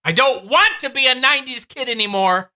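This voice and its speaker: Sarcastic man with a very bright voice. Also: very high voice, lively intonation, a little fast. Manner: sarcastic, exasperated, laughing at what he watches. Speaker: YouTube commentator. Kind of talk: comedic reaction commentary.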